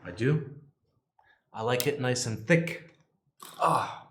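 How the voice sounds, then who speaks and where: A man's voice: mid-range voice, animated, slow pace, fairly bright tone. A hungover man hosting a livestream, chatting loosely and swearing. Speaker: livestream host. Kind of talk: casual livestream chat. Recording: roomy echo.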